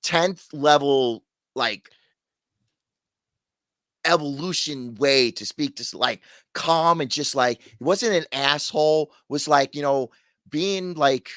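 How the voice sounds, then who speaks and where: A man's voice: fairly high pitch, slow, a bit bright, no room sound, studio quality. A middle-aged man co-hosting a podcast, telling a story in casual chat, swearing freely and acting out the people he quotes. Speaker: podcast co-host.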